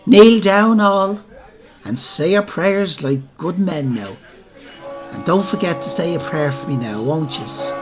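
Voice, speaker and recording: A man's voice: sits high, animated, unhurried, faint music behind. A man voicing a sly, coaxing middle-aged widow with a gutsy, wheedling voice.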